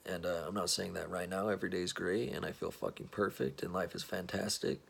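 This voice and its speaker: A man's voice: sits low, little pitch movement, a little fast, creaky, a bit bright, slight background noise. A man in his twenties giving blunt, profane straight talk, rambling with restarts as he speaks. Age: 20s. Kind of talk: casual straight-talk monologue.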